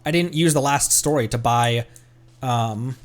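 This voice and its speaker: A man's voice: mid-range voice, a little slow. A man streaming a video game, chatting casually and thinking aloud as he plays, often breaking off mid-sentence. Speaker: VTuber streamer. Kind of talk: casual gameplay chat.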